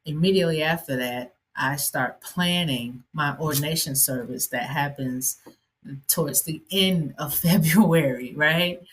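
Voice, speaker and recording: Woman, podcast host, minister, personal storytelling, low voice, conversational, lots of fillers. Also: a little slow, breathy edge. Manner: conversational, with frequent fillers and asides.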